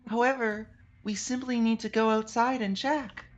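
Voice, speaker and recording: A woman voicing a calm, dutiful young female knight in a stiff, formal fan dub reading. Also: a little high, moderate pace, muffled recording, natural voice.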